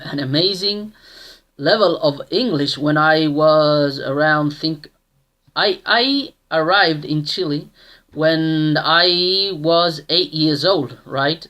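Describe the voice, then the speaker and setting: Man in his thirties, slow and halting, lots of restarts. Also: a little high, bright, forceful tone. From Australia. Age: 30s. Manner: slow and halting, with many restarts and tag questions. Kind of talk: casual personal storytelling.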